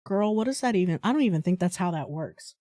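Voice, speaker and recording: A woman streamer giving casual, jokey commentary on a horror game, excitable and swearing freely. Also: lowish voice, fast talker, no echo, studio quality.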